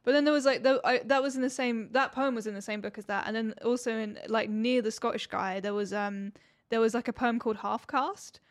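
A woman's voice: fairly high pitch, steady tone, fairly quick, no echo. Chatty woman in her thirties. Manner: chatty, filler-heavy, swears casually. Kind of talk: casual chat.

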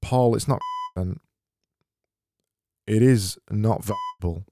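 A man's voice: fairly low pitch, slow pace, mellow, faint music behind. A man with a Yorkshire accent hosting a casual solo podcast, reading out listener messages in a dry, sarcastic, rambling way on a studio mic. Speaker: podcast host. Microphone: studio mic with mixer.

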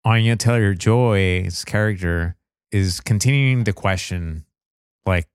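A young man talking casually about a film, measured and a little hesitant. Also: on the low side, clean tone, dry recording, clean studio sound. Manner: measured, hesitant, uses fillers like "you know". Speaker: podcast co-host. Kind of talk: casual chat reviewing a film.

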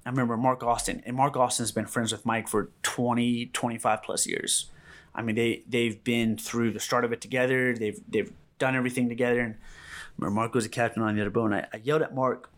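A rescue medic, male, shares a calm first-hand account for an interview, with a halting delivery packed with fillers and repeated words. He has a mid-range voice.

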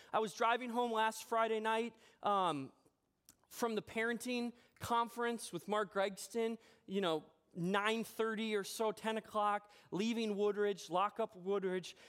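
A man preaching a sermon as pastor in a church, telling a personal story in a chatty, animated way with self-deprecating humor. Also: high-pitched, a little slow, smooth. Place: church sanctuary.

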